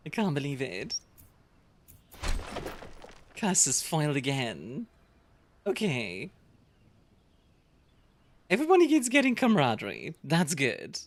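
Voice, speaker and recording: Low-pitched woman streamer with a very animated delivery, reacting to a strategy game over background music, with a cough here and there. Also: a little slow, long pauses. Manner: animated, reads game text aloud and reacts. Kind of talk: casual gameplay chat.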